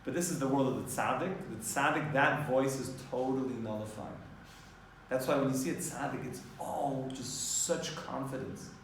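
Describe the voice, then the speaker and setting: A man teaching a Torah class, explaining in a lively way and mixing in Hebrew terms. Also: mid-range voice, moderate pace, slight background noise. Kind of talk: informal class lecture. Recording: echoey room, distant mic, faint ambience.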